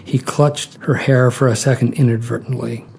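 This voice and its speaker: A man reading a short story aloud in a calm, measured way. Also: mid-range voice, vocal fry, a little hiss or hum. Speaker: narrator.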